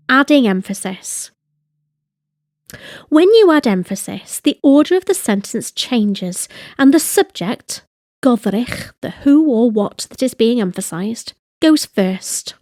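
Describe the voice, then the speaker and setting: A woman narrating a scripted language lesson, speaking slowly and carefully with deliberate enunciation. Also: a little high, a little mellow, no echo, clean studio sound. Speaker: language teacher.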